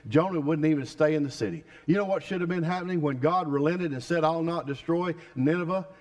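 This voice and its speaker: A man's voice: on the high side, quick pace. A male pastor preaching a sermon, emphatic and putting questions to the congregation.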